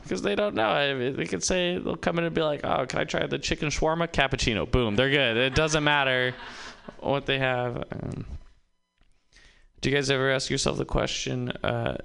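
A man's voice: medium pitch, moderate pace, creaky, fairly bright tone, clear, resonant tone. A man doing a rambling stand-up comedy set, interrupting himself and laughing at his own jokes. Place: comedy open mic with live audience.

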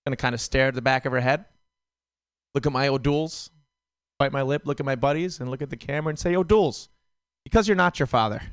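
A man's voice: medium pitch, steady tone, fast talker, pauses often, clean tone, dry recording. Male club comic, rambling and filler-heavy, clean dry stage mic. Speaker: stand-up comedian. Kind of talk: stand-up set.

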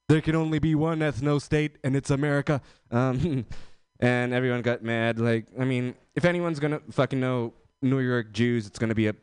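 A young man works through a stand-up set in a loose, rambling way, full of fillers and little laughs at his own lines. His voice is smooth and clear, and it sounds close and dry on the mic. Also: medium pitch, no room sound. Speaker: stand-up comedian.

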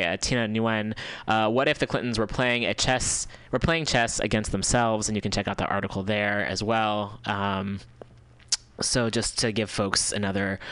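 Male radio host, low smooth voice, dry studio mic, chatty read-aloud delivery. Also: a bit bright, no room sound. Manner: casual, chatty, reads articles aloud with fillers. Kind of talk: community radio show wrap-up, reading news. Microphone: studio microphone.

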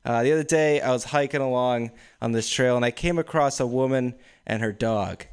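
A young man in his twenties telling casual, deadpan stand-up stories at an open mic. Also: medium pitch, fairly quick, clean tone. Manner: casual, deadpan storytelling with frequent laughs. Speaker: stand-up comedian. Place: small room with few people. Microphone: stage microphone.

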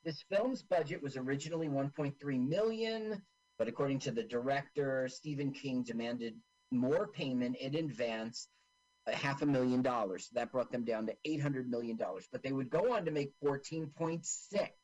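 A man's voice: mid-range voice, normal speed, a little mellow, muffled recording. A man co-hosting a podcast who narrates the on-screen action of a movie with sarcastic asides. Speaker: podcast co-host. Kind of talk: casual movie commentary.

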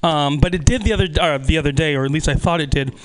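A man's voice: fairly high pitch, quick pace, smooth. A man in his twenties doing a stand-up comedy set in a small club, profane and self-deprecating, laughing at his own jokes. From California.

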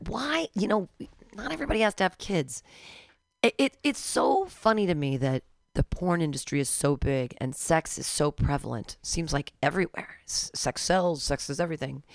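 A woman in her forties co-hosting a casual radio talk show, sardonic and quick to leap into high mocking tones. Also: vocal fry, no echo, studio quality. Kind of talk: casual chat.

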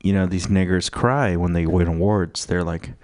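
A man's voice: low voice, fairly even intonation, normal speed, darkish tone, dry recording. A man hosting a radio show, ranting in a profane, rambling, mocking way full of fillers. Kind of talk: crude rambling radio rant.

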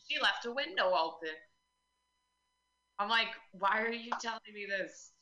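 A young woman performing a stand-up comedy set in a deadpan way, acting out people in quick asides. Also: medium pitch. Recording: echoey room, dull lo-fi sound.

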